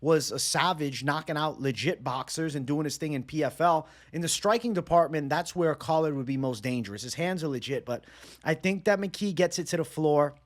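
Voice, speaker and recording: A man giving a casual solo breakdown of fight picks and betting odds, energetic and slangy in a conversational way. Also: fairly high pitch, a little fast. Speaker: MMA betting analyst.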